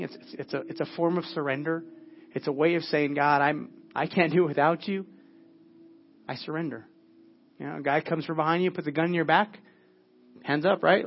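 A man preaching a sermon at a church service in an earnest way, often dropping to a hushed, prayerful tone. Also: on the high side, vocal fry, lo-fi sound. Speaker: pastor.

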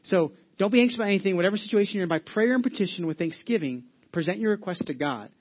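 A man's voice: high-pitched, lively intonation, very fast, highs cut off. A male pastor giving a sermon in an earnest, conversational way, often restarting his sentences. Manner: earnest, conversational preaching with frequent restarts and fillers.

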